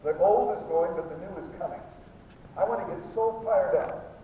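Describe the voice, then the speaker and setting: An older male pastor preaching with fervor, his fairly high, mellow voice rising to shouts and dropping soft. He is heard from far off in a big echoey hall with a long reverb. The sound is dull, with a faint low rumble behind. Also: normal speed. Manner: fervent preaching, swinging between shouts and a soft confiding voice. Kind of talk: sermon. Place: church sanctuary.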